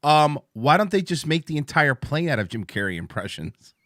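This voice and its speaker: A sardonic male podcast host riffs on clips in a bright, lively voice and swears freely. His recording is dry and close, with no room sound at all. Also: a little high, moderate pace, no room sound. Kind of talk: comedic commentary.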